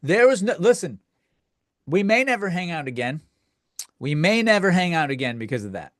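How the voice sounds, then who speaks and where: Man host for a comic rant, slightly high voice, crude and rambling, dry booth sound. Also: very animated, moderate pace, a bit bright, no echo. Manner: crude, profane, rambling with many restarts. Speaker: podcast host. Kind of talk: comedic rant.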